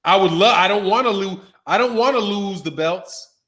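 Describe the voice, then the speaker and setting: A man hosting a boxing commentary channel, talking in an animated, emphatic and slangy way. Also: sits high, normal speed. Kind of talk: casual commentary.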